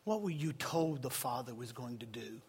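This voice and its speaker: A man's voice: mid-range voice, lively intonation, moderate pace, slight background noise. A male pastor preaching an impassioned sermon in a church hall, full of rhetorical questions. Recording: reverberant hall with soft music.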